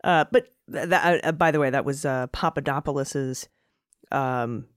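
Woman host for casual political talk, sardonic edge, smooth clean tone, close and dry. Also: a bass voice, a little slow, no echo. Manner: wry, sardonic, frequent fillers and laughs. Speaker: podcast host. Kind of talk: casual political podcast chat.

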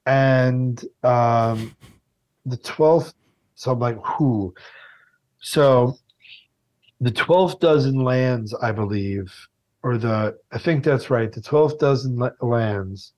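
Brief: a mid-range male guest spinning a salty, animated anecdote on a podcast. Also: mid-range voice, slow. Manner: animated, profane, self-deprecating storyteller. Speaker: podcast guest, TV food host. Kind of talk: casual storytelling interview.

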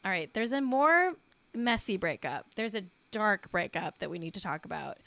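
A woman's voice: medium pitch, sing-song, normal speed, gravelly, bright, forceful tone. A young woman co-hosting a casual gossip podcast, playful and mock-solemn. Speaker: podcast co-host. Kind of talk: casual celebrity gossip chat.

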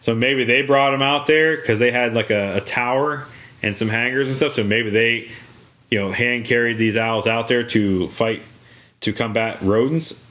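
A man's voice: mid-range voice, normal speed, fairly bright tone. A man in casual chat, telling rambling stories with many fillers and restarts.

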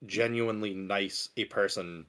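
Man in casual chat, somewhat low voice, halting and filler-heavy. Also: steady tone, a bit bright.

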